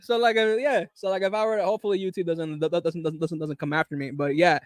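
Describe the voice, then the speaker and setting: Excitable high-voiced man, match stream host. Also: fast talker, no echo. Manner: playful, pop-culture references, excitable. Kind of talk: casual live match watch-along commentary.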